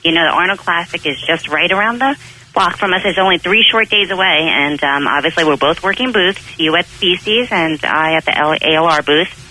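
A woman with a Long Island accent co-hosts a radio chat, upbeat and eager. Her voice is very bright and sharp. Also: lowish voice, brisk, slight background noise, low-quality recording. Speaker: radio co-host.

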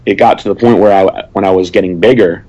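A man with a very low voice talks plainly and sternly in a casual chat, hesitating with fillers along the way. The audio is dull and lo-fi. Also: steady tone, fast, dark tone. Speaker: guest.

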